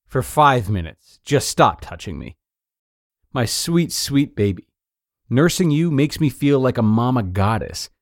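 A man hosts a podcast and reads an article aloud in an earnest, measured voice. His pitch sits in a middle range. The sound is dry and close to the mic. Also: darkish tone, dry recording. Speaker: podcast host and narrator.

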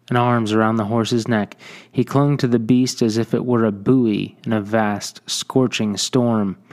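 A man reading a western short story aloud in measured audiobook narration. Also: fairly low pitch.

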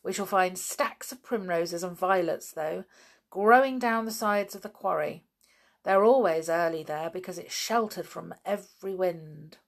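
A woman voicing a calm, responsible older boy in a storybook reading. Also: on the low side, measured pace. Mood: sensible.

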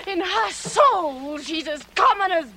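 A woman's voice: very high-pitched, animated, slow, slight background noise, exaggerated voice, poor audio. An actress playing a furious, jealous woman who bitterly berates her lover in a period film drama. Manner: bitter, shouting, scornful.

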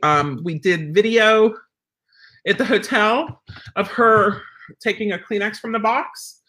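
A woman dog trainer chatting casually to viewers, rambling and filling pauses with um and you know. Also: medium pitch, a bit bright. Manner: rambling, chatty, many fillers.

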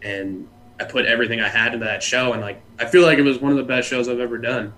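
A man's voice: mid-range voice, fairly even intonation, quick pace, bright, forceful tone. A young man from California, a podcast guest telling rambling stories with a joking streak. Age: young adult. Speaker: podcast guest, former haunt scare actor. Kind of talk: casual podcast interview.

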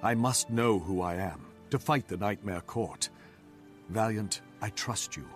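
An actor with an English accent playing a young male sylvari who has lost his memory, speaking in an earnest, measured way in a video game scene. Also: fairly low pitch, faint music behind, close to an everyday voice.

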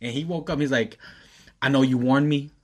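A man's voice: medium pitch, moderate pace. Laughing twenties guy telling a story. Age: 20s. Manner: laughs often, animated when quoting, profane. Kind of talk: casual storytelling chat.

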